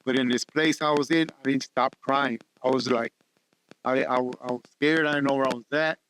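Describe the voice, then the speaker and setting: A man telling a personal testimony in conversation, halting and earnest, often repeating words. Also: medium pitch, fairly even intonation, a bit bright, slight background noise. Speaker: guest sharing testimony. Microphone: podcast studio mic.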